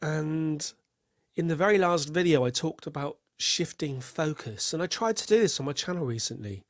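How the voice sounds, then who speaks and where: A man's voice: a little high, lively intonation, moderate pace, dry recording, clean studio sound. A man hosting a solo podcast, telling rambling wry stories and acting out quotes. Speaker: podcast host.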